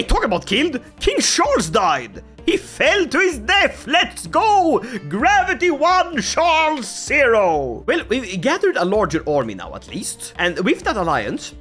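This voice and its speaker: Wildly animated man playing a strategy game. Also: high voice. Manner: excitable, joking, often laughing. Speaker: gaming YouTuber. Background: faint music.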